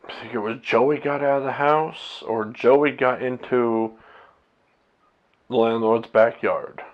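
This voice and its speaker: Man, self-recorded vlogger; slow, blunt, profane rambling delivery; dull, muffled sound. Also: medium pitch, fairly even intonation. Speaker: vlogger, husband and father. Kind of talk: candid monologue to camera. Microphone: camera set up by himself.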